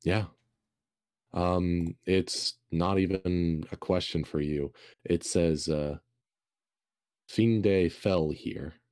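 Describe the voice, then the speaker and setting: A man narrating as game master, describing rooms slowly with many fillers and pauses. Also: deep voice, fairly even intonation, darkish tone, clean tone, no echo, studio quality. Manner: slow, hesitant, filler-heavy descriptions.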